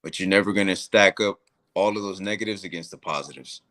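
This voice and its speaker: A man with a deep, low voice talks plainly in casual podcast chat. He is blunt, with a dry, wry edge. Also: fast, fairly bright tone. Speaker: podcast co-host; Marine leader.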